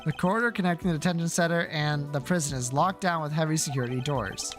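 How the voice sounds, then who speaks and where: A woman's voice: sits low, soft background music, lightly acted. A woman doing a haughty refined male prosecutor. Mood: composed. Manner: formal, measured and dry. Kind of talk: reading game dialogue aloud.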